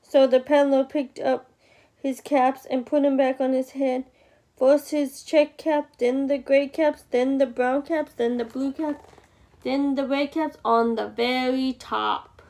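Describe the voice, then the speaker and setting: A woman reading a picture book aloud, slow and with chatty asides to the listener. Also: high voice, steady tone, dark tone. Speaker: storybook reader.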